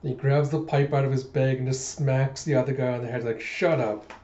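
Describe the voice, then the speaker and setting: Man excitedly retelling a comic. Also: mid-range voice, fast. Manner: animated retelling with sound effects. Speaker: manga readthrough host. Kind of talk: casual story recap. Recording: echoey room, dull lo-fi sound.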